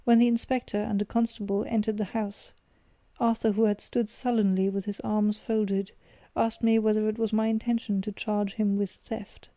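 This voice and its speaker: Woman, audiobook narrator, measured reading, dark warm tone, dry sound. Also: medium pitch, flat delivery, no room sound.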